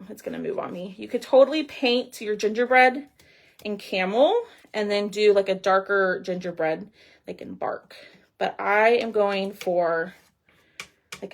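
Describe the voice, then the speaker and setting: A woman's voice: mid-range voice, measured pace. A middle-aged woman, hosting a casual craft livestream and chatting with viewers as she works. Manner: chatty, reads viewer comments aloud while crafting.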